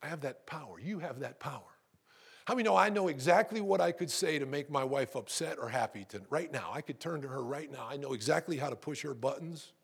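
Middle-aged guy preaching in church, kinda high pitched, husky rough voice, builds up loud then drops low. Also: animated, fairly quick. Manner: call-and-response preaching, rising to emphatic peaks. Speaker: pastor. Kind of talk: sermon.

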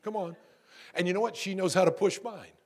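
Male pastor, middle-aged, high voice, gravelly, preaching in church with emphatic call-and-response. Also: steady tone, brisk, darkish tone. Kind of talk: sermon.

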